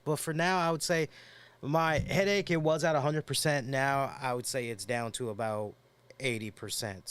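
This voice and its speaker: A man's voice: medium pitch, clear, resonant tone. A man hosting a podcast, chatting casually and telling a rambling story with lots of fillers while nursing a headache. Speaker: podcast host. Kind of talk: casual chat.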